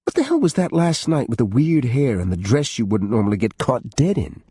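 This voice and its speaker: A man's voice: medium pitch, sing-song, fairly quick, warm tone, husky, dry recording, studio quality, pitched above the performer's own voice. A man voicing a blunt, fiercely protective young woman friend in an audiobook, talking firmly. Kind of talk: audiobook character voice.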